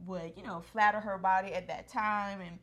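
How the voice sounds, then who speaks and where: A woman's voice: medium pitch, fairly even intonation, moderate pace, fairly bright tone. A woman in her thirties chatting casually with her husband as they look back on their wedding, talkative and affectionate, sometimes getting emotional. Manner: chatty, affectionate, emotional at times, frequent laughs. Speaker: co-host of a couple's channel. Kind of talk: casual reminiscing chat.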